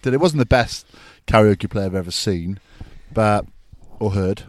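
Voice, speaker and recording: A man's voice: lowish voice, measured pace. A man co-hosting a podcast, chatting casually with teasing, jokey banter. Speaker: podcast co-host. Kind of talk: casual chat.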